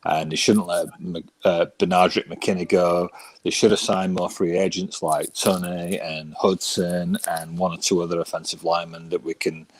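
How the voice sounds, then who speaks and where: A deep-voiced man chatting on a podcast, full of ums and pauses before launching into blunt complaints. His voice is low and the sound is dry and close, with no room echo. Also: flat delivery, breathy edge. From United Kingdom. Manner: hesitant, many ums, then blunt complaints. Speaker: podcast guest panelist. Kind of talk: casual podcast chat.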